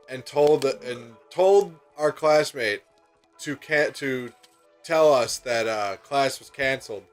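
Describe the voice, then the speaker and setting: A man in his twenties chatting casually while playing a game, rambling through stories with plenty of laughter and swearing, on a microphone set on a bucket. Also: medium pitch. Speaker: let's play co-host, student. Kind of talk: casual gaming chat.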